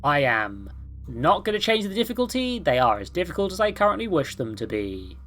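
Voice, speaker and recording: A woman's voice: deep voice, very animated, a little fast, fairly bright tone, soft background music. Woman gaming on stream, chatty, jokes at her own expense. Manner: chatty, self-deprecating. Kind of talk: let's play with reading aloud.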